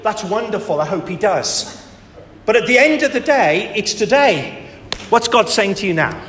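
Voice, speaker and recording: A man preaching a sermon with emphatic delivery, rhetorical questions and dramatic pauses, in a church hall. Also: high voice, very animated, fairly bright tone. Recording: echoey hall with faint ambience.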